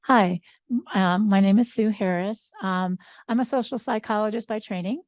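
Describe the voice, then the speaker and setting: A woman's voice: medium pitch, moderate pace, darkish tone, no room sound. An older woman, a social psychologist and grandmother, speaking upbeat on a seminar panel with frequent ums.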